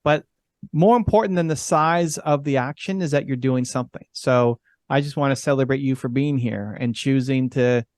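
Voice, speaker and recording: A man's voice: medium pitch, moderate pace, darkish tone, dry recording. A man giving an earnest, encouraging motivational talk as guest speaker, repeating himself for emphasis.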